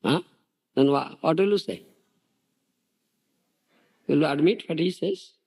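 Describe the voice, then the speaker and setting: An older man from India giving a devotional lecture, animated, firing off rhetorical questions and laughing often. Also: fairly high pitch, a little slow, creaky, slightly rough. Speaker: spiritual teacher.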